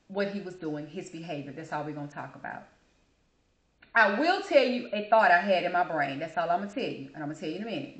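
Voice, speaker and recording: A woman, hosting her channel and telling a story in a casual, animated way while she acts out the people in it. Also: lo-fi sound. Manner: animated, acts out quotes with big pitch jumps. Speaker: channel host. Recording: echoey room.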